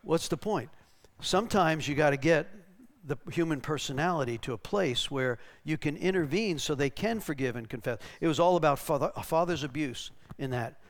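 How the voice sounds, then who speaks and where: This pastor's fairly high voice moves at normal speed with hardly any pauses. Teaching from the pulpit, he tells anecdotes conversationally, ends lines with "right?" and voices the people in his stories.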